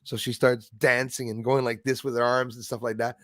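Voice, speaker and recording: A man's voice: mid-range voice, little pitch movement, a little fast, a bit bright, dry recording, clean studio sound. A man hosting a live stream, chatting casually, laughing easily and thanking viewers by name. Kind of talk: casual chat reading viewer comments.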